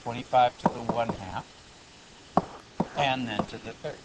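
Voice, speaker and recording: A man teaching high school math in a classroom lecture, explaining steps plainly and breaking off into joking asides. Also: fairly even intonation, a little slow, heavy background noise.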